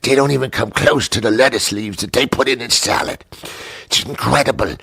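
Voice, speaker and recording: A man putting on a gushing high-voiced waitress. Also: brisk, gravelly, husky, no room sound, full character voice. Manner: overly eager, flattering customer service. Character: gushing, fawning female restaurant waitress.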